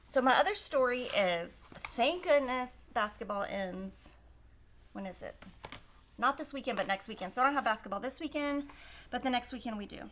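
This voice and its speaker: A middle-aged woman hosts a quilting livestream in a fairly high, animated, slightly bright voice at a moderate pace. She chats, tells stories and works through the math out loud while cutting fabric. There's a little hiss or hum in the recording.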